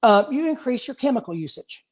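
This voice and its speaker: A man's voice: very high-pitched, sing-song, brisk. A man in his fifties, a guest on a video-call interview, tells long stories in an earnest, casual way. He often repeats a word or two as he gets going, and he speaks frankly and directly. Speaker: interview guest, former pro bodybuilder.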